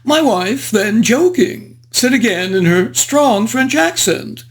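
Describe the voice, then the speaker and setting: A performer voicing a frivolous, foppish English aristocrat gentleman, narrating a book review in character with flowery, old-fashioned, genteel diction. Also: medium pitch, lively intonation, slow.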